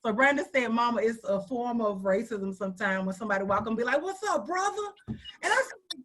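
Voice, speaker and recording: A woman's voice: fairly high pitch, animated, a little fast, low-quality recording. A woman hosting a radio panel discussion, speaking directly and moving the talk between guests. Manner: warm-hearted, direct, passes the mic around. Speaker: radio host.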